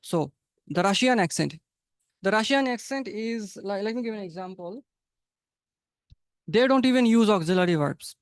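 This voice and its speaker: High, clear-voiced man teaching. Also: expressive, normal speed, pauses often, no room sound, clean studio sound. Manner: encouraging, repeats phrases, coaching tone. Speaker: English conversation teacher. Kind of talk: live webinar teaching. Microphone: video call.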